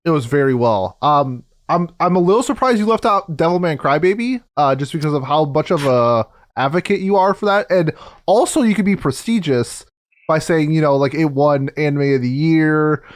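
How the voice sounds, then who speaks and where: Casting: slightly high-voiced male podcast co-host, rambling casual chat, dry close-miked sound. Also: moderate pace, no echo. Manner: animated, rambling with fillers.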